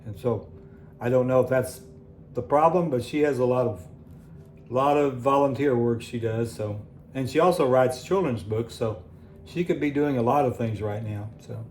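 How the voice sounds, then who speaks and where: A man's voice: mid-range voice, moderate pace, darkish tone. A man, a member of an online group, chatting casually and telling jokes about other members. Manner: chatty, joking storyteller. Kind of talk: casual chat on a video call. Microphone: video call. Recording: roomy call audio with faint hiss.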